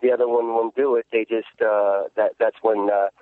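A male actor answering interview questions, talking haltingly with many restarts. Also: on the low side, little pitch movement, no room sound. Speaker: actor guest. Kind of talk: interview over the phone. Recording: tinny phone line.

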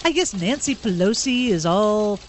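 A man's voice: high-pitched, lively intonation, moderate pace, slight background noise. Dry male radio news reader. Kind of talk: reading news on talk radio. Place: radio studio.

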